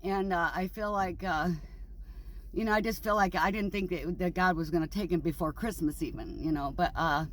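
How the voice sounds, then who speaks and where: A woman's voice: lowish voice, moderate pace, slight background noise. A middle-aged woman in a casual vlog monologue, grieving and angry, rambling bluntly and swearing freely. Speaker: vlogger.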